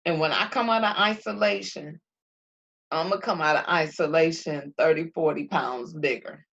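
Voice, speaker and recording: This faith vlogger, a middle-aged woman, speaks at a normal speed in a low voice that is a bit bright and carries vocal fry. She addresses her viewers with earnest emphasis, echoing phrases like a preacher, and the recording sounds dull and lo-fi.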